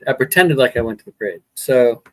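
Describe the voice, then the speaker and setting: A man joining a live stream, chatting casually and excitedly. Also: medium pitch, fairly quick, no room sound, poor audio. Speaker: guest in the room. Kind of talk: casual chat.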